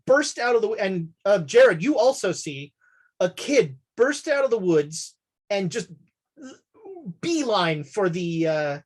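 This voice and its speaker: Woman gm describing the scene, loose and rambly, pitch moving all over, bit breathy. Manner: relaxed, halting narration with many fillers. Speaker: game master. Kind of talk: narrating a tabletop game.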